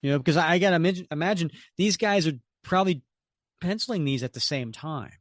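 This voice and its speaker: A male podcast co-host recaps a comic in a casual, animated way and hedges his opinions as he talks. His voice sits a touch high for a man. The sound is dry and close. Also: quick pace, no room sound. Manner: animated, hedging, storytelling.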